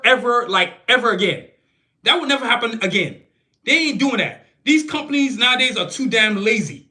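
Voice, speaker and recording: A man's voice: high-pitched, brisk. A man hosting a solo podcast, talking casually with slang and heated, opinionated asides. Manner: animated, slangy, opinionated rants. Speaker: podcast host. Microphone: phone camera.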